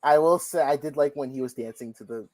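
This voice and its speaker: A man's voice: medium pitch, brisk, a little mellow. A man in a casual movie chat, telling scenes animatedly and swearing freely. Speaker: podcast co-host.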